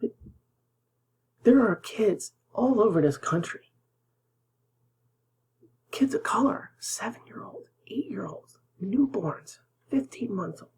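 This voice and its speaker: A man's voice: high-pitched, a little mellow, slight background noise, low-quality recording. Indignant man ranting over clips. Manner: indignant, sarcastic, drops to a whisper for emphasis. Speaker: political commentary host. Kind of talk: reacting to news clips.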